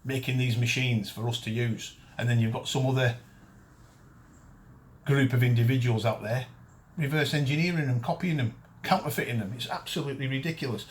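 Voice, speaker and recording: A man's voice: mid-range voice, a little fast, slight background noise. A man, hosting a detecting show and ranting bluntly to camera. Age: 50s. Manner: blunt, ranting, frequent restarts. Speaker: detecting show host and dealer. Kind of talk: casual chat to camera.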